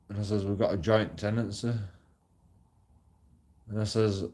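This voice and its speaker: In a casual, rambling monologue full of restarts and heavy swearing, a man recounts a personal story. His voice is low and dark, at a moderate pace, and he pauses often.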